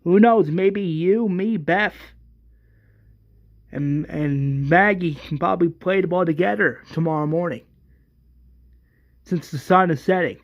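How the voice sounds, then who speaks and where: A man voicing an older male farmer who calls loudly for his daughter and then breaks into wailing sobs. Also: sits high, unhurried, pauses often, muffled recording. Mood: calling cheerfully.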